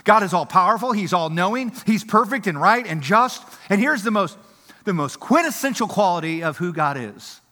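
A man preaching a sermon in an animated, emphatic way, swinging between loud passages and hushed ones. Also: sits high, moderate pace. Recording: reverberant hall.

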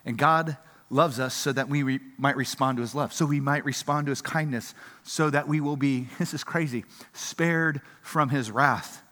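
A man preaching a sermon in an animated, emphatic way, swinging between loud passages and hushed ones. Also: mid-range voice, normal speed. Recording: reverberant hall.

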